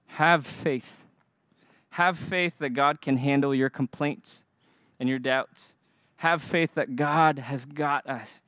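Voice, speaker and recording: A man's voice: mid-range voice, slow, a bit bright, no echo, studio quality. A young adult man preaching a sermon, earnest and emphatic, asking the congregation to respond. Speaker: pastor.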